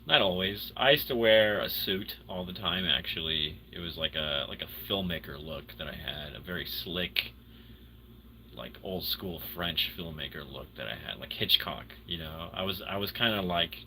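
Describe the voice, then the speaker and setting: Animated, bright-voiced man rambling casually. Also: a little hiss or hum. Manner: rambling, animated, swings between loud excitement and low mumbles. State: tired. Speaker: livestream host chatting with viewers. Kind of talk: casual livestream chat.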